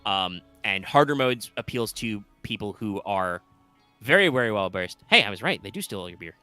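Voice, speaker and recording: A man's voice: fairly low pitch, animated, moderate pace, pushed and bright, clear, resonant tone, no echo, faint music behind. A man co-hosting a live stream, talking through ideas in a rambling, analytical way. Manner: rambling, analytical, thinks aloud. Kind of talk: casual live-stream chat.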